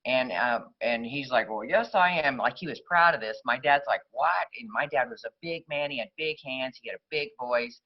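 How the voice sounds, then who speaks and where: A woman's voice: very deep voice, moderate pace, few pauses. Woman, recovery meeting speaker, rambling conversational storyteller, muffled lo-fi recording.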